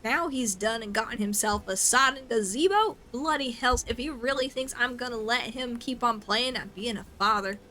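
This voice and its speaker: Woman doing a drawling sharp-tongued mother. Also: fairly high pitch, normal speed, few pauses, a little hiss or hum. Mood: exasperated. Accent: Southern US.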